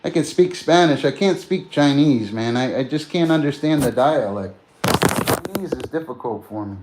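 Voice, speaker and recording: A man's voice: on the high side, animated, moderate pace, heavy background noise. A man in loose, rambling casual chat, talking straight to his viewers and tossing in "man" and "bro.". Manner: loose and meandering, peppers talk with "man" and "bro"; chats directly to viewers, greeting them. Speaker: streamer.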